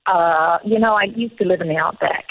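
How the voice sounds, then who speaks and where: A woman's voice: lowish voice, fairly quick, narrow, tinny audio. A woman in her fifties from New Zealand with a New Zealand accent, a guest on a phone interview who tells stories with a laugh. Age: 50s. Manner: laughing, relaxed storytelling. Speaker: guest actress. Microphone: phone line.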